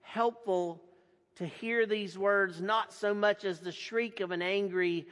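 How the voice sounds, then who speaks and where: A pastor delivering a sermon in a deliberate, emphatic way with repeated phrases. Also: male voice, high voice, fairly even intonation, a bit bright. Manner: slow, deliberate and emphatic, with repetition. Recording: long hall reverb.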